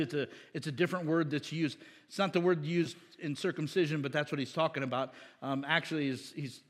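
A man's voice: high-pitched, fairly bright tone, big-room sound. A man preaching a sermon as a pastor, conversational and emphatic, with frequent restarts and rising bursts of emphasis.

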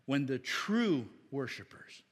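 A man's voice: medium pitch, big pitch swings, slow pace, in a large hall. A man preaching a sermon as a pastor, conversational and emphatic, with frequent restarts and rising bursts of emphasis.

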